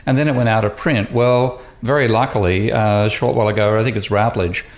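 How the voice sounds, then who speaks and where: Rambling, low-voiced male professor. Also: fairly even intonation, a little fast. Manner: rambling, with restarts and fillers. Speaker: economics professor, podcast guest. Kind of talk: casual podcast chat.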